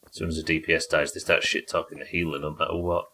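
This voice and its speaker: A man's voice: flat delivery, fast talker, bright, forceful tone. A man streaming a game live, chatting casually and swearing, yelping in tense fights. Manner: casual, profane, jokey; yelps high in tense fights. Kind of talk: live gameplay commentary.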